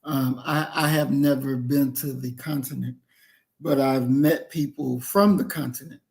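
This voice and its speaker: A male host responds to his guest calmly and earnestly, taking his time. His mid-range voice carries a noticeable gravelly fry. He sounds steady and measured throughout. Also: mid-range voice. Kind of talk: casual discussion.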